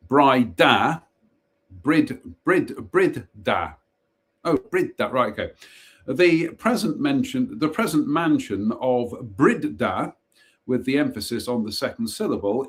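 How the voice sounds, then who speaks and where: A man's voice: medium pitch, darkish tone. A man hosting a live stream, casually reading short ghost stories aloud with wry jokey asides, stumbling and restarting on names.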